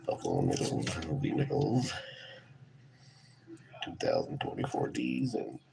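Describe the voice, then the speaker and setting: Male vlogger, very deep gravelly voice, mumbled half-whispers, slow and unhurried, getting over a cold, noisy home recording. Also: huge pitch swings. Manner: mumbling, half-whispered, talking to himself while sorting coins. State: recovering from a cold. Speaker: coin-roll hunting vlogger. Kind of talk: casual live-stream commentary. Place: home room with sleeping kids.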